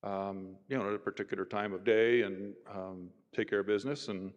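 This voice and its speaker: A man, a university professor, telling stories in an animated conversational way and voicing the people in them. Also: on the low side, brisk, dull audio. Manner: animated, voices others in his stories. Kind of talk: conversational storytelling. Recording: roomy with long reverb.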